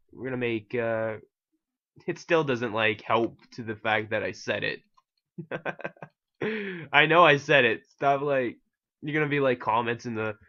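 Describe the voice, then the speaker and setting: Male gaming host, bright voice, rambling, self-mocking, casual swearing, dull home-mic sound. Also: mid-range voice. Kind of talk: casual gameplay commentary.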